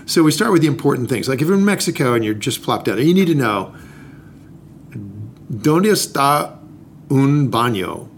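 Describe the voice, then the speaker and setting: A man's voice: mid-range voice, big pitch swings, fast, hardly any pauses, a little hiss or hum. A man co-hosting a casual talk, explaining investing in a playful, jokey way. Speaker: podcast co-host teaching investing. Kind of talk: casual chat.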